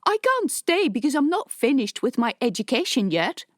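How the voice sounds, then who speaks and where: A woman's voice: high-pitched, sing-song, normal speed, dry recording, studio quality, pitched above the performer's own voice. A woman voicing an exhausted young male student from the city, who talks in a strained, raised, pleading voice.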